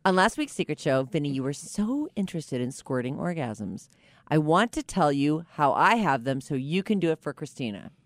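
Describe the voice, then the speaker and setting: A woman's voice: sits low, very animated, moderate pace, no echo, clean studio sound. A woman co-hosting a podcast, reading a listener's letter aloud in a matter-of-fact way with wry asides. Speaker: podcast co-host.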